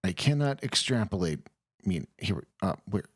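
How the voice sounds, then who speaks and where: Animated man co-hosting a podcast. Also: moderate pace, breathy edge. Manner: animated, swings into a calm low radio voice. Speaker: podcast co-host. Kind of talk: casual podcast banter.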